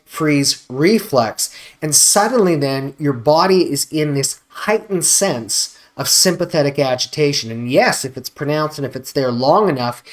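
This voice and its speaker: A man with an American accent, a chiropractor explaining health topics in a measured, deliberate way, stressing key words. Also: a little high. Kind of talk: educational explainer to camera.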